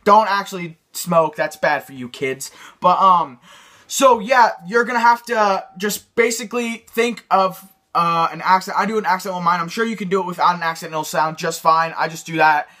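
A man's voice: sits high, normal speed, bright, forceful tone. A man giving a rambling, joking beatbox tutorial with lots of fillers. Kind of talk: casual tutorial.

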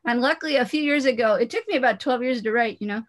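A woman's voice: fairly high pitch, fast talker. A woman author from the Los Angeles area, chatting and laughing easily while introducing her book, speaking over a video call. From Los Angeles area, USA. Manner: chatty, laughs often, many "you know" fillers. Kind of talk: casual talk and reading at a book launch.

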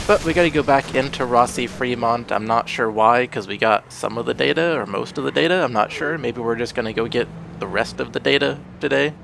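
A man's voice: medium pitch, creaky, fairly bright tone, slight background noise. Groggy, sick-sounding young gamer man. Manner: rambling, self-correcting, easygoing. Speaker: let's play host. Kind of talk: casual gameplay commentary.

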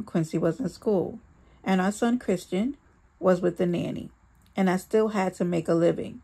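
Brief: a woman of medium pitch with a gravelly voice, reading a memoir steadily in the first person. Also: darkish tone. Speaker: memoir reader.

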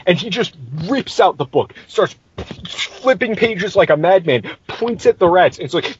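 A man tells a tabletop game story on a podcast, swearing freely and sounding exasperated. His voice is husky and swings widely up and down. It comes through a dry, dull lo-fi mic. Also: high-pitched, unhurried, no echo. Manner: profane, animated, exasperated. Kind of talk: casual storytelling.

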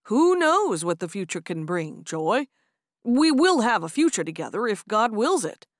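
A woman narrator voicing a steady, playful young Amish man who speaks firmly. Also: mid-range voice, a little slow, dry recording, studio quality. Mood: teasing. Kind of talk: audiobook character voice.

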